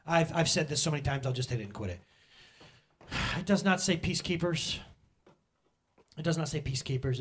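A man's voice: medium pitch, husky. A middle-aged man preaching a casual, conversational sermon, joking and talking straight to the congregation. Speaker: pastor.

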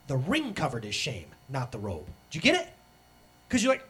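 A man in his thirties preaching a sermon as pastor, animated and acting out the voices he quotes. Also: mid-range voice, moderate pace, husky.

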